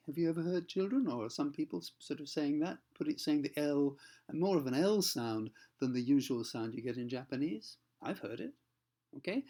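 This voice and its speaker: A man teaching pronunciation, explaining patiently, slowing down to demonstrate sounds and often checking in with the listener. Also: on the high side, lively intonation, dark tone. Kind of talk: explanatory lesson for learners.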